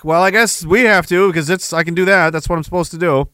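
A man's voice: a little high, quick pace, hardly any pauses, fairly bright tone, clean tone, no echo. A man hosting a podcast, ranting angrily and with heavy profanity between reading chat messages, with sarcastic asides. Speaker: podcast host.

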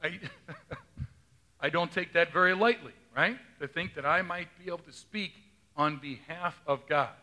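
A male pastor with a notably high, very bright voice gives a conversational sermon. He reads the gospel and then chats with his flock, asking them questions from the front of the church. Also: measured pace. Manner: chatty, quizzes the congregation. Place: church sanctuary.

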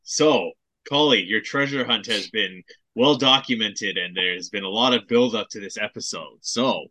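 A man's voice: fairly low pitch, normal speed, bright, forceful tone, no echo. A man co-hosting a casual podcast, teasing the others in an easygoing way. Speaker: podcast co-host.

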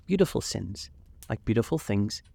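A man voicing a languid, witty aristocratic gentleman in a storybook reading, with a drawling, amused manner. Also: on the low side, sing-song, moderate pace, gravelly, no room sound, exaggerated voice.

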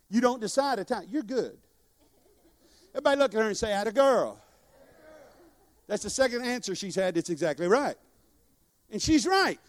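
A man preaching a sermon to a congregation, leading call-and-response and joking as he exhorts. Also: high voice. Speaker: guest preacher. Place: church sanctuary. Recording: long church hall reverb.

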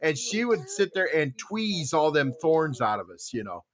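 A middle-aged man from Tucson hosting a podcast in casual chat, telling animated stories and acting out quoted voices. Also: fairly high pitch, moderate pace. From Tucson, Arizona. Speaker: podcast host.

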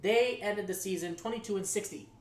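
A man hosting a casual news-style show, jokey and animated, his voice jumping from loud outbursts to quiet asides. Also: high-pitched, fairly quick. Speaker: show host. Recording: echoey room.

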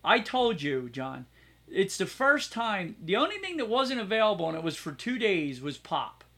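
A man's voice: high voice, big pitch swings, moderate pace, bright, forceful tone. A middle-aged American man co-hosting a podcast, chatty and self-mocking, laughing at himself as he reads out news items. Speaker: podcast co-host. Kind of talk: casual podcast chat.

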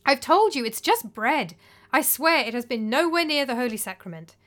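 A woman voicing an elderly male priest who is kindly but quick to lose patience, speaking earnestly in a storybook reading. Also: on the high side, lively intonation, fairly bright tone. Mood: exasperated. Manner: earnest, rising to indignant.

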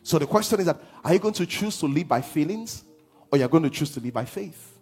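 A man preaching a sermon as pastor, swinging from hushed lines to half-sung shouts. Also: a little high, animated, quick pace, breathy edge, soft background music.

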